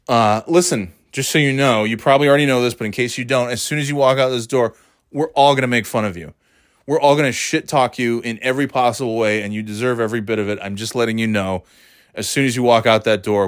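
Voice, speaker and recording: A man ranting with exasperated sarcasm and plenty of profanity, his pitch in an ordinary middle range. The recording is dry and close, with no room sound around him. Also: a bit bright, no echo. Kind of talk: ranting monologue.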